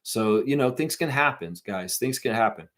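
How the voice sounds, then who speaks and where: A man's voice: medium pitch, expressive, normal speed, fairly bright tone. A middle-aged man hosting a live fan stream, ranting profanely and reading out chat messages.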